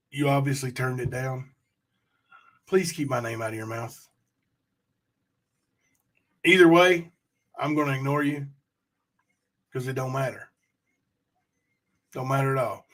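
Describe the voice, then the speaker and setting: A livestream host with a medium-pitched, fairly bright voice chats loosely and rambles, reading out comments from viewers and talking straight to his chat.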